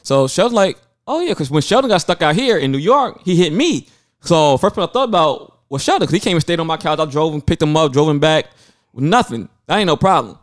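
A young man tells a story on a casual podcast, lively and profane. His voice sits a little high and jumps all over as he acts out the people in it. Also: fairly quick. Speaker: podcast co-host.

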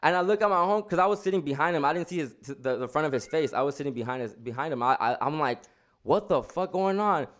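Fast-talking man telling a rambling story. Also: a little high, fairly bright tone. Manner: rambling, slang-heavy, many restarts. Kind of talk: casual storytelling chat.

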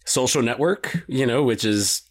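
A male podcast co-host in loose, casual conversation. He rambles, restarts his sentences and leans on fillers, at an average pitch for a man. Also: lively intonation, moderate pace. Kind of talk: casual chat.

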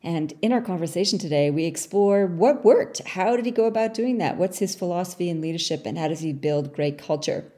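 A woman from Canada hosting a podcast interview over a call, chatty and quick to laugh. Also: fairly low pitch, lively intonation, dark tone. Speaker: podcast host. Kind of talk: casual interview chat. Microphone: remote call.

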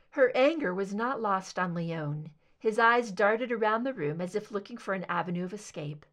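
A woman narrates a fan fiction audiobook, reading expressively. Her pitch moves with a lively, animated range. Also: moderate pace, hardly any pauses. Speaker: reader.

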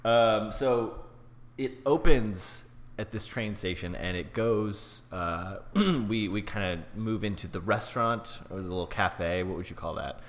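Low-voiced male podcast co-host, eager and rambling. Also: measured pace, reverberant. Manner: enthusiastic, rambling with fillers. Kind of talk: casual film discussion.

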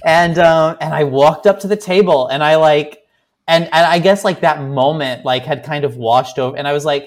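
A man's voice: a little high, normal speed. A young man telling a story as a podcast guest, rambling, with many fillers and restarts. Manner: animated, self-mocking. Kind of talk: casual storytelling.

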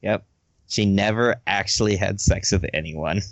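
A man's voice: low voice, normal speed, dry recording. A man chatting casually about his tabletop role-playing characters, laughing often and trailing off mid-thought.

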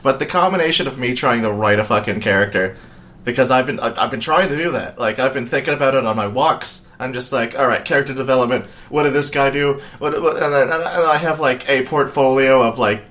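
A man's voice: medium pitch, a little fast, fairly bright tone. A man co-hosting a casual podcast chat, rambling with frequent swearing and laughter, mentally worn out. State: mentally exhausted. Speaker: podcast co-host.

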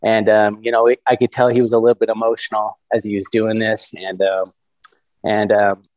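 A man in his thirties telling a story as a podcast guest, eager and animated. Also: fairly low pitch, normal speed, dry recording, low-quality recording. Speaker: guest hunter.

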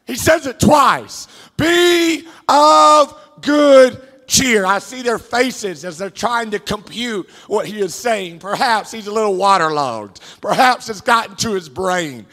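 A male pastor preaching a sermon with fervent, shouted peaks and many "uh" fillers. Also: sits high, animated, unhurried, few pauses. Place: church sanctuary. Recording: echoey hall reverb.

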